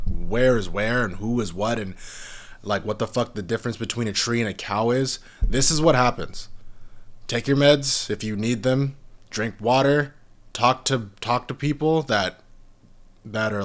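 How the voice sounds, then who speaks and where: A young man hosting a podcast, ranting in a rambling, heated way and swearing heavily. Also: fairly low pitch. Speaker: podcast host. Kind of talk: profane casual podcast rant.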